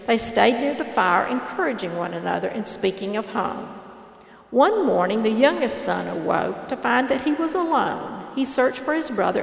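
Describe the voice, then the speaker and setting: A woman reading a parable aloud in a measured, earnest storytelling manner. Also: on the high side, creaky. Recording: echoey hall reverb.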